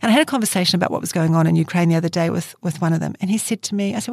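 A middle-aged woman, a journalist talking thoughtfully in an interview, often pausing with fillers and restarting. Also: fairly low pitch, vocal fry, no room sound, clean studio sound. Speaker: journalist guest. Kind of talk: reflective interview talk.

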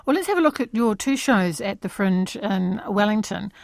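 A woman's voice: mid-range voice, animated, moderate pace, gravelly. A woman hosting a radio interview, giving brief, friendly prompts to her guest. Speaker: radio host.

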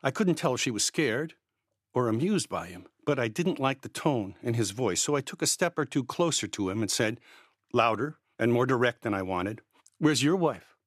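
A man narrating a first-person story in a measured, quietly tense way. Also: medium pitch, lively intonation, no echo, clean studio sound.

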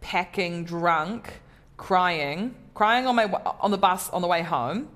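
A woman's voice: lowish voice, slow, a bit bright. A woman comedian chatting casually in an interview, talking in a self-deprecating way with many fillers and restarts. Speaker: comedian guest.

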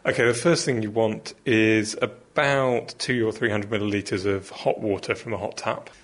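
A man's voice: on the low side, steady tone, moderate pace, fairly bright tone. A man presenting a kitchen science experiment and giving practical step-by-step instructions. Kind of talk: explaining an experiment.

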